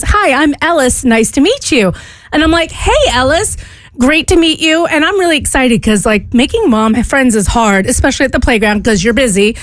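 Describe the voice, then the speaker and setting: A woman with a light Southern accent tells a self-mocking story on a radio show. Her voice sits high. It sounds dry and close in the studio. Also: no room sound. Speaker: radio co-host. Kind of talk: casual storytelling.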